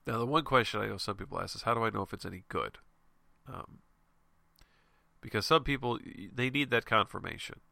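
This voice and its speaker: Nasal and congested from a cold, a show host and comic artist gives other artists a rambling, candid pep talk, laughing and swearing a little along the way. His voice is fairly low, creaky, and sharp, with lively intonation and a slightly fast pace. There's no room sound in this casual motivational monologue.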